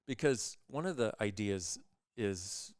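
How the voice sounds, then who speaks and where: A man appearing as a guest, telling stories in an animated way and acting out other people's voices as he goes. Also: on the low side, takes it slowly, no echo, studio quality. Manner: acts out other people's voices in lively quoted dialogue. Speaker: guest speaker on consciousness. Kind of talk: animated storytelling in conversation.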